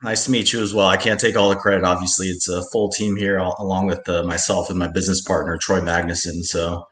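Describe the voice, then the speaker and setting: Deep-voiced man, halting, roomy echo. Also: flat delivery, fairly bright tone. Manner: halting, many fillers. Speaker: guest, company founder. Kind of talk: casual interview. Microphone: video call.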